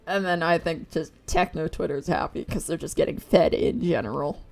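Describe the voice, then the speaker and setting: A woman's voice: deep voice, steady tone, normal speed, creaky, a little mellow. A woman streaming as she draws, chatting casually and giggling as she retells things with acted quotes. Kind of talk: casual chat while drawing.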